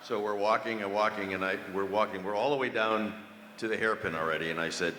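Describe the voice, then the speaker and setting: A low-pitched older man with a bright, edgy tone recounts a racing anecdote with quick amusement. He sounds a step away from the mic. His voice washes through a large, long-reverb banquet hall. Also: slight background noise. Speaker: former race team member. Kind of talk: storytelling at a dinner panel. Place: banquet hall during a dinner. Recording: distant voice in a reverberant hall over a PA.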